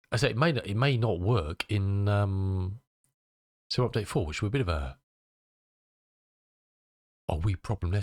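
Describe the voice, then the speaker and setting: A man's voice: on the low side, no echo, clean studio sound. A male streamer chatting casually with his viewers, muttering to himself as he tinkers and answering chat messages.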